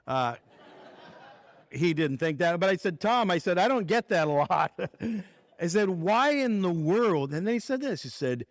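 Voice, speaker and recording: A man preaching at a conference, his voice on the higher side, telling a story with lively swings between light asides and low, earnest points. The sound is dry and close, with no room echo. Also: measured pace. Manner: animated storyteller, voice drops low for serious points. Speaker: conference speaker. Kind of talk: conversational sermon with storytelling.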